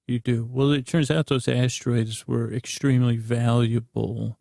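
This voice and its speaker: A middle-aged man rambling through an improvised bedtime story, halting and restarting often. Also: medium pitch, little pitch movement, gravelly, warm tone, dry recording, clean studio sound. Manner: meandering, halting, with many restarts. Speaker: bedtime podcast host.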